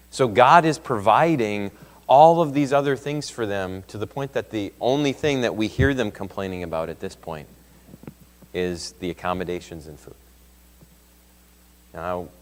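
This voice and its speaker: Low-voiced male Sunday school teacher, chatty, builds emphasis, long church-room reverb. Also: normal speed. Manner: conversational, reads scripture aloud with rising emphasis. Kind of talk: Bible class teaching. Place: church classroom.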